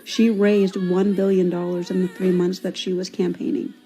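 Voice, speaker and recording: A woman's voice: fairly low pitch, little pitch movement, moderate pace, dark tone, soft background music, low-quality recording. A woman speaking earnestly and emphatically in a personal video monologue, slightly tearful.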